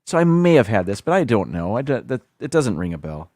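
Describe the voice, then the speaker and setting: A man's voice: lowish voice, sing-song, fairly quick, darkish tone, no room sound, clean studio sound. A man hosting a livestream, casually reading a list aloud, stumbling over foreign words and adding self-deprecating asides. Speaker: livestream host.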